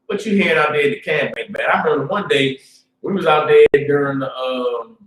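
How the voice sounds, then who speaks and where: A man teaching a religious class in an informal, streetwise preaching style, often asking "you understand?" and swinging between low, muttered asides and loud bursts. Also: distant mic, a little hiss or hum. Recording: roomy sound, speaker away from the mic.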